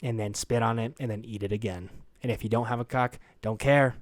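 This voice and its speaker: A man's voice: medium pitch, steady tone, a little fast, dry recording. Rambling, crude young man podcasting solo. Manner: rambling, crude, self-deprecating, jokey. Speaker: podcast host.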